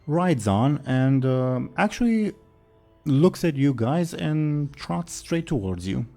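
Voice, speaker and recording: A man narrating as game master of a tabletop game, halting with many fillers. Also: fairly high pitch, big pitch swings, gravelly, mellow, faint music behind.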